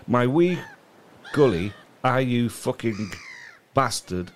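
A man's voice: mid-range voice, sing-song, slow pace, slight background noise. A man co-hosting a casual comedy podcast, rambling and reading a news story aloud with wry asides. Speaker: podcast co-host.

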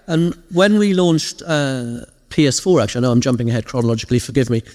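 Man guest, quick anecdotal storyteller, live stage, long hall reverb. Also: medium pitch. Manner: lively storyteller, animated quoted asides. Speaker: interview guest, former games PR director. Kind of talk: casual anecdotal interview.

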